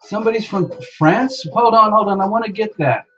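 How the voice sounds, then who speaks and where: A muffled recording captures a livestream host with a mid-range voice talking fairly fast over soft background music. The host chats casually, greeting viewers by name in an excitable stream of exclamations and scrambling to keep up with the chat.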